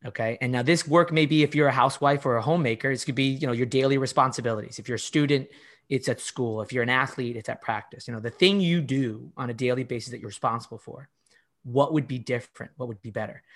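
A man, a life coach, talking through ideas in a casual podcast conversation with enthusiastic, animated storytelling. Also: medium pitch, fast talker. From Argentinian and Italian heritage.

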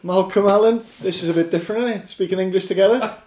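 North Welsh host with a Scouse touch. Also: male voice, high voice, racing. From North Wales. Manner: conversational, gently probing questions. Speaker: podcast host. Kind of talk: friendly interview chat. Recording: roomy echo with faint music.

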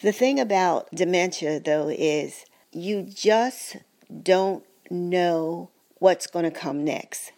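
Older woman caregiver, lowish gravelly voice, gentle faith-filled testimony. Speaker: caregiver of a husband with dementia. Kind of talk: personal testimony.

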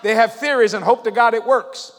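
High-voiced preacher in a reverberant hall. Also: male voice, steady tone, fairly quick. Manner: swings from low murmurs to shouted exhortations. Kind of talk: sermon.

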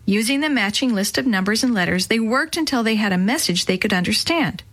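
A woman narrating a children's book in a clear, measured way. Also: mid-range voice, animated, fairly bright tone. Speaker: audiobook narrator.

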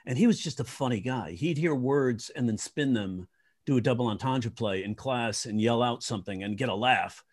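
Comedian guy from new york telling stories, lots of ums, mid pitch. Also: normal speed. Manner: rambling, animated anecdotes with many fillers. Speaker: comedian guest. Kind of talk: casual storytelling.

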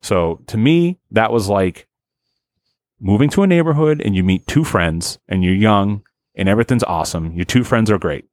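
A man hosting a casual podcast, ranting in an exasperated, profane, animated way. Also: on the low side, normal speed, dry recording. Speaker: podcast host.

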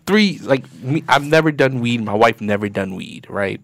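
Bronx-raised man, lively storyteller, acts out voices, faint noise. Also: mid-range voice, moderate pace. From the Bronx, New York. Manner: animated storyteller, acts out voices, laughs often. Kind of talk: casual storytelling chat.

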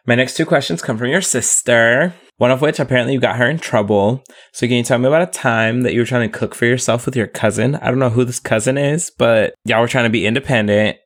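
An interviewer asking casual questions in a relaxed manner, laughing easily. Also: medium pitch, fast talker.

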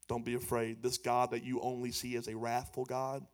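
A man's voice: mid-range voice, normal speed, hardly any pauses. A man preaching a sermon as pastor, emphatic and conversational. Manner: animated, loud and emphatic, then quieter and conversational.

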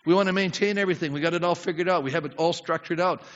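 A man's voice: fairly high pitch, racing, a bit bright. A middle-aged man preaching a sermon as pastor, talking conversationally, asking the congregation questions and acting out prayers. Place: church sanctuary with congregation. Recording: dull sound with long hall reverb.

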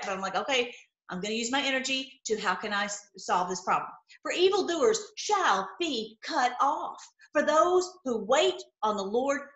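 A middle-aged woman teaching from scripture online, reading verses and commenting with emphatic repetition and sudden excited exclamations. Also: fairly high pitch. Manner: emphatic, repeats lines, breaks into excited exclamations. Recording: echoey room.

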